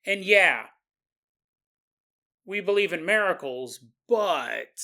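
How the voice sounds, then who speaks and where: A man hosting a podcast who narrates a story in an animated way and acts out its characters. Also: sits high, takes it slowly, creaky. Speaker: podcast host.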